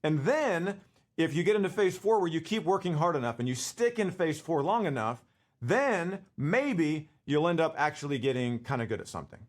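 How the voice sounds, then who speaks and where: A man's voice: on the high side, lively intonation, moderate pace. A man in his forties giving a casual leadership talk to camera, conversational and full of fillers and restarts. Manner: conversational, full of fillers and restarts, laughs while telling stories.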